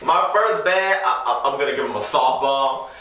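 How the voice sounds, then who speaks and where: A man co-hosting a casual TV reaction chat, animated and quick to laugh, heard from a distance in an echoey room. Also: mid-range voice, a little hiss or hum. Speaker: co-host.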